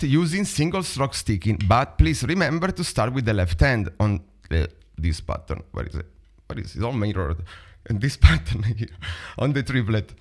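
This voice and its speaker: A man's voice: mid-range voice, animated, normal speed, hardly any pauses, faint music behind. A man with an Italian accent teaching a drum lesson over a video call, chatting and vocalizing rhythms aloud.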